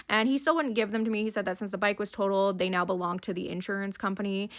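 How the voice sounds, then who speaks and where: Fast talking lady in her 30s, bright sharp voice, dry sarcastic storytime on her phone. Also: medium pitch. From Idaho, US. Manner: sarcastic, deadpan punchlines. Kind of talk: casual storytime monologue.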